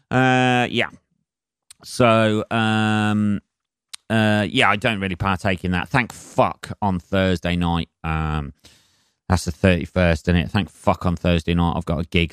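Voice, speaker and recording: A man's voice: deep voice, fairly even intonation, unhurried, clear, resonant tone, dry recording, studio quality. A man hosting a solo comedy podcast, ranting in a sweary, sarcastic and rambling way. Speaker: podcast host.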